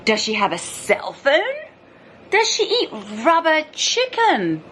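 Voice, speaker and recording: A woman voicing an eager little girl who asks rapid, breathless questions. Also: high-pitched, wildly swooping pitch, fairly bright tone, a little hiss or hum, pitched above the performer's own voice, heavily acted.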